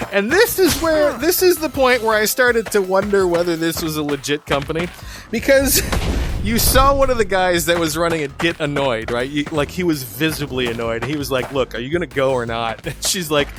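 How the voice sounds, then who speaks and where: A man's voice: a little high, expressive, moderate pace, music in the background. A man hosting a gaming channel, telling a story in a casual, chatty way, laughing often and acting out the people in it. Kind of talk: casual storytelling over gameplay.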